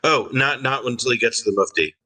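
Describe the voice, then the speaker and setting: Bright-voiced man on a distant call mic. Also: mid-range voice, fast. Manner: hesitant, filler-heavy, sardonic. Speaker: guest commentator. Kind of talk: casual reaction commentary.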